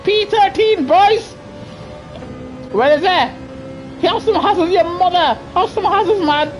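A man with a high voice, giving excitable live commentary on a racing game, chatting with viewers and yelling as he gains places. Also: a little slow, soft background music. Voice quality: high-pitched voice. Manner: excitable, yelling at the race, laughing often. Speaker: gaming streamer.

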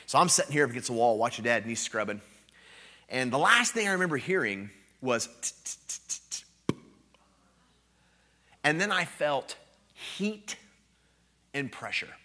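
A man in his thirties preaching at a revival, telling a personal story with animated, emphatic delivery. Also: mid-range voice, moderate pace. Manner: animated storytelling, rising to loud emphatic peaks. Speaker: guest preacher. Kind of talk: revival sermon.

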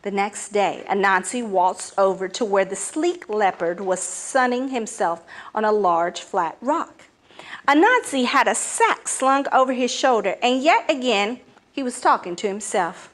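A woman reading a folk tale aloud, with expressive, dramatic storytelling. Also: medium pitch, a little slow.

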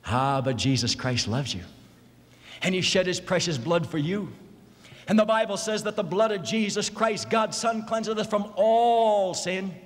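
A man preaching a fiery sermon, swinging between near-shouts and hushed, low lines. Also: animated, normal speed. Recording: long hall reverb.

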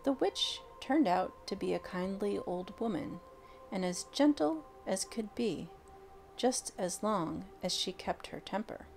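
A woman reading a picture book aloud, expressive and unhurried with dramatic pauses. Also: medium pitch, gravelly, faint music behind. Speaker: storyteller. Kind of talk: storybook read-aloud.

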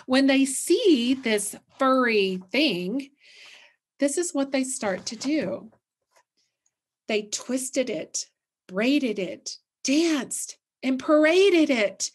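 Expressive woman reading a storybook slowly. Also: high-pitched, husky. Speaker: literacy coordinator. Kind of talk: reading a picture book aloud as a lesson.

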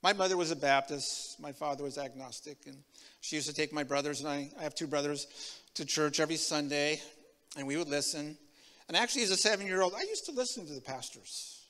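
Bright-voiced man preaching in a reverberant church. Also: fairly high pitch, brisk. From Tacoma, Washington. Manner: animated storytelling, swinging from loud to hushed. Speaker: guest preacher. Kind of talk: sermon with personal testimony. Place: church sanctuary.

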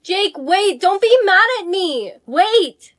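A synthetic woman's text-to-speech voice telling a storytime. It sits high and reads flat and machine-even. The sound is completely dry, with no room around it. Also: slow pace, dry recording.

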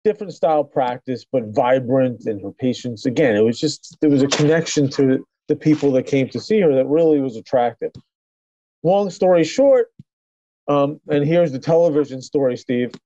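A man's voice: mid-range voice, normal speed, warm tone, dry recording, lo-fi sound. A middle-aged man, a chiropractor, telling his story in a casual interview with many restarts and fillers. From New York. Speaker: chiropractor guest.

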